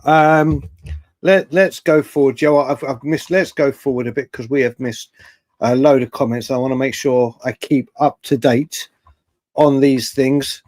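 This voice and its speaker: A man's voice: medium pitch, fairly even intonation, measured pace, a little mellow, no room sound, clean studio sound. A man hosting a late-night live stream, chatting casually, reading viewer comments and reacting to them in a rambling way. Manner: chatty, rambling, restarts often, reacts to chat. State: hiccups. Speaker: livestream host.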